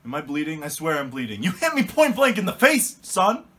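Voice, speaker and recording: A man playing an eccentric, melodramatic father in a comedy sketch, talking theatrically and swinging from hushed whispers to loud outbursts. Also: mid-range voice, moderate pace, natural voice. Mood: outraged.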